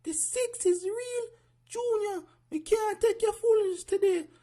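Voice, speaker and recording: A performer voicing a strict female schoolteacher with a Jamaican accent in a cartoon, shrill and scolding. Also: a little slow, dark tone. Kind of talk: animated cartoon voice acting.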